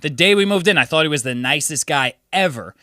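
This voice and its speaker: A man's voice: fairly high pitch, expressive, a little fast, pushed and bright, dry recording, studio quality. A young man casually telling a story on a podcast, swearing freely and acting out what people said. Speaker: podcast co-host. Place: New York City apartment.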